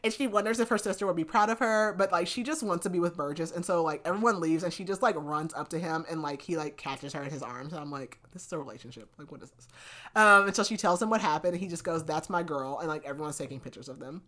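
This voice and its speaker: A young female podcast host with a low-leaning, slightly bright voice talks fast and barely pauses while summarizing a romance novel. It's a casual book review, full of chatter and constant "like"s.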